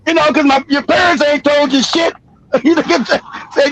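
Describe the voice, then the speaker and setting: A man's voice: very high-pitched, fairly even intonation, moderate pace, a bit bright, poor audio. A middle-aged man giving heated, profane commentary on a livestream, swearing freely and laughing at his own jokes.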